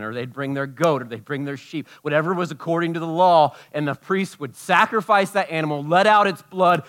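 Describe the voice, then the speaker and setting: A man preaching a sermon as pastor, swinging from loud, emphatic lines to hushed, low-voiced passages.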